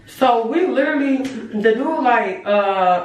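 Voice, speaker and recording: Animated teenage girl, echoey far-off sound. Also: a little high, fairly quick. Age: late teens. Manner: animated, profane, addresses the audience as y'all. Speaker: storytime vlogger. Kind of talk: casual storytelling to viewers. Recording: very echoey room, voice far from the mic.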